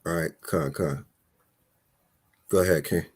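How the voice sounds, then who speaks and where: A man hosting a live Bible study call, talking in a casual, animated, preacherly way. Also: a bass voice, a little slow, slightly rough. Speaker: host of an online Bible study talk.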